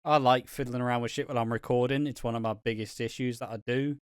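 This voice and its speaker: A man's voice: medium pitch, fairly even intonation, quick pace, smooth. A young man co-hosting a podcast, rambling in casual chat and swearing a lot. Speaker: podcast co-host.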